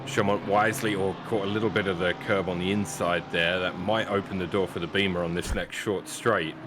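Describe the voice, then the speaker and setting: Deep-voiced male co-commentator, matter-of-fact race calls, audible background noise. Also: fairly even intonation, a little fast. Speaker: sim racing commentator.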